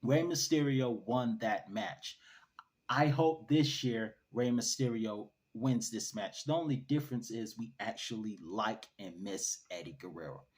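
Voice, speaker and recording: A man's voice: on the low side, a little slow. A man giving a casual solo wrestling review, chatty, wry and opinionated.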